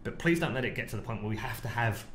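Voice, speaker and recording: A middle-aged British man co-hosting a podcast, telling a story in a lively way and acting out the quotes. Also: mid-range voice, racing. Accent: British English. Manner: animated storyteller, acts out quotes. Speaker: podcast co-host, esports broadcaster. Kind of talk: casual podcast chat, storytelling. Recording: roomy echo, faint noise.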